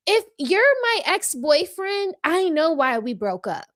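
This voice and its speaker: A woman's voice: extremely high pitch, big pitch swings, a little slow, a bit bright. A woman hosting a casual livestream show from home, reading viewer comments and giving sassy, chatty commentary with frequent laughs. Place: home room with a window open. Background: dog barking.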